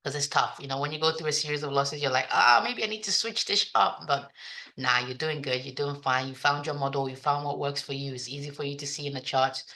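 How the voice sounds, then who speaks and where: Low, forceful woman with mixed accent. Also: level tone, fast. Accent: mixed African, British and American. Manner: chatty, talks to herself, swears freely. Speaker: day trader. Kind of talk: casual self-talk during a trading session.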